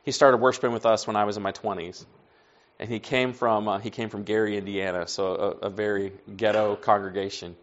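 A man preaching a sermon in a conversational storytelling way, acting out dialogue and dropping to soft asides. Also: fairly low pitch, little pitch movement, brisk, lo-fi sound.

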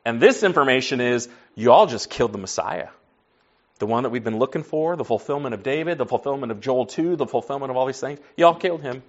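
A man's voice: medium pitch, expressive, brisk, lo-fi sound. A man preaching to a class in a conversational teaching style, folksy, asking the group questions and answering them himself. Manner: folksy, says y'all and like.

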